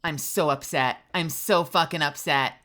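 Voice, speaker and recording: A woman's voice: low-pitched, a little slow, a little hiss or hum. A woman livestreaming a game, chatting casually and swearing a lot as she tells stories and reacts to the play. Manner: profane, chatty storytelling; bursts into loud outrage during play. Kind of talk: casual live gameplay chat.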